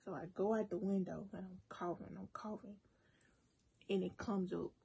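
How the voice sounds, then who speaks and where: A woman vlogger telling a story casually to her viewers, animated and talking straight to them. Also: medium pitch, normal speed, vocal fry, husky. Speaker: cooking and mukbang vlogger. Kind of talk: casual storytime while eating.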